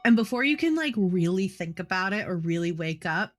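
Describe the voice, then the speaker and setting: A woman's voice: fairly low pitch, animated, fairly quick, faint music behind. A woman playing in a tabletop game, talking casually and narrating events. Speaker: player.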